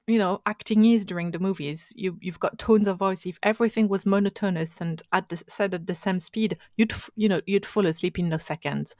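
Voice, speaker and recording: A woman with mid-range pitch talks a listener through speaking exercises from home, in a dry, close recording with almost no room sound. English is not her first language. She explains things in a patient, chatty way and sometimes stops to restart a phrase. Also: darkish tone, no room sound. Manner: instructive, conversational, with frequent restarts. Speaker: podcast host and marketing coach. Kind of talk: solo coaching podcast talk.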